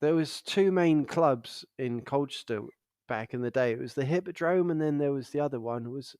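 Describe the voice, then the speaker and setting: A man's voice: medium pitch, moderate pace, darkish tone, no room sound, studio quality. A young man co-hosting a podcast, telling rowdy stories in casual chat, laughing often and swearing freely. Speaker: podcast co-host.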